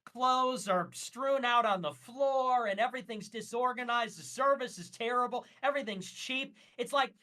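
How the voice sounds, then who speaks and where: A man's voice: very high-pitched, normal speed, few pauses, sharp tone. A man talking as a guest on a casual livestream, ranting emphatically and with strong opinions, with frequent fillers.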